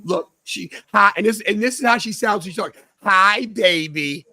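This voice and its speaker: A young man with a notably high, bright voice hosts a casual live watch-along, bursting into excited reactions between bits of chatter. His voice sounds dry and close, with almost no room sound. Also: brisk, breathy edge, no echo. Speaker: podcast host.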